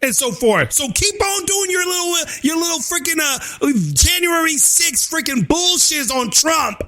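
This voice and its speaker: A man vlogging a fiery, crude political rant, often shouting and tacking "and so forth" onto his lines. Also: extremely high pitch, expressive, measured pace. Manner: crude slang and cursing. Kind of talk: ranting political commentary.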